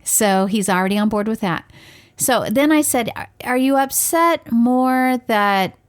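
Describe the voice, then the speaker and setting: A woman who is a parent co-hosts a podcast, telling stories in casual chat. Her voice is fairly high and unhurried. She's an animated storyteller, acting out the conversations she recounts.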